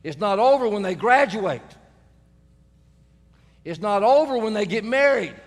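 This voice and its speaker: A middle-aged man preaches to his congregation, with a light, self-mocking storytelling manner. His voice sits high for a man. A long reverb trails after his words, from a large church sanctuary. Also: lively intonation, measured pace. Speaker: pastor. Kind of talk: sermon.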